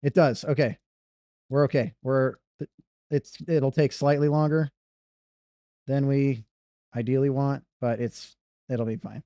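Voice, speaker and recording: Mellow-voiced man thinking aloud while gaming. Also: mid-range voice, steady tone, measured pace, pauses often, no echo, studio quality. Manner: muttering to himself, thinking aloud. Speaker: speedrunner streamer. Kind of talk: casual gameplay commentary. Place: living room on couch.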